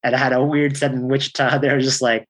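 A man's voice: medium pitch, little pitch movement, quick pace, a bit bright. A man in his thirties, a stand-up comedian, telling stories in a rambling, laid-back way, swearing freely and laughing often. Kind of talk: casual chat.

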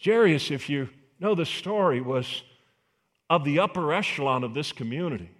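Male pastor, sermon delivery, higher voice, lively pitch, acts out voices. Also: moderate pace. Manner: animated, acts out voices of biblical figures.

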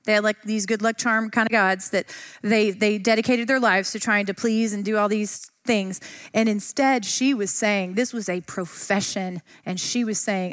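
A woman's voice: medium pitch, steady tone, moderate pace. A woman teaching a Bible study lesson in a chatty, enthusiastic way. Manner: enthusiastic, chatty, uses fillers.

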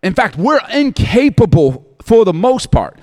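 A man's voice: high-pitched, big pitch swings, unhurried, a little mellow. A man in his forties, a pastor telling a funny, candid personal story in a sermon and often laughing. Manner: humorous, self-deprecating, candid.

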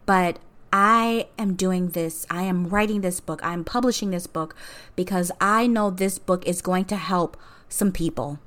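A woman's voice: fairly low pitch, unhurried, a bit bright. A woman hosting a podcast, talking in a casual, earnest and encouraging way straight to her listeners. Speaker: podcast host. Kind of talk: casual motivational monologue.

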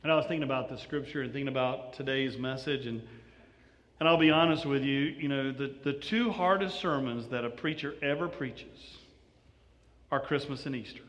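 A man preaching a sermon in a church, telling the story in an animated way with many restarts. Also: medium pitch, normal speed. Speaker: pastor. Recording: reverberant church hall.

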